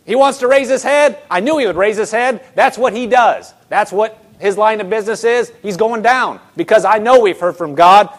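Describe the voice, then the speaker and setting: A man's voice: sits high, moderate pace, hardly any pauses. A man preaching a sermon, emphatic, asking the congregation rhetorical questions and repeating words for emphasis.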